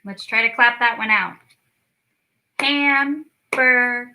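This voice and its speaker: A woman with a high-leaning, very bright and sharp voice that carries a gravelly fry, leading a children's storytime. She speaks slowly and enunciates each word, encouraging young listeners like a patient teacher. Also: lively intonation, poor audio. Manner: slow, clearly enunciated, encouraging teacher talk. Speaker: speech clinic storyteller.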